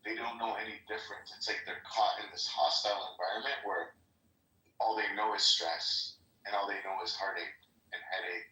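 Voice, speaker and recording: A man's voice: fairly low pitch, steady tone, normal speed, pushed and bright, reverberant, far from the mic, rough recording. A man hosting a casual chat on a social audio app, rambling, joking and swearing.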